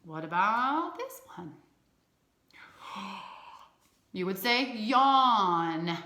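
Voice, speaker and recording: A woman teaching a recorded phonics lesson to young children, slowly sounding out each word in an encouraging teacher's tone. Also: lowish voice, sharp tone. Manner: slow, clearly sounded-out words with an encouraging teacher's tone. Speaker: elementary school teacher. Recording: echoey room.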